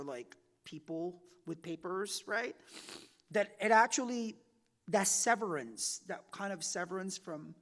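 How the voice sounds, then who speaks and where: A man in his forties from the Philippines, an author giving a chatty campus talk that leans on "right?" and "like", his loudness rising and falling a lot. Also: a little high, long reverb tail. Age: 40s. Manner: chatty, often tags "right?" and "like", loudness swings widely. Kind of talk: conversational public talk. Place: university event room.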